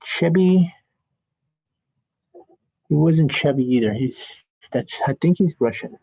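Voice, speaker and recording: Slow, joking male statistics teacher. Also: a little high, gravelly, warm tone, slightly rough, dry recording, lo-fi sound. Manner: chatty, joking asides, thinks aloud while drawing. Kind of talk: classroom lecture.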